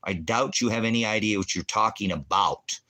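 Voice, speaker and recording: Middle-aged guy yelling at his stream chat, tense hard-edged voice, kinda low, swears nonstop. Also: brisk. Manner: profane, combative, shouting insults at chat; veteran. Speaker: livestream ministry host. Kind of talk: angry livestream rant.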